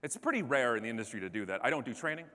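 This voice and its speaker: A man giving a comedic keynote speech on a large conference stage, animated and self-deprecating. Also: mid-range voice, racing. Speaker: keynote speaker. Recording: echoey hall.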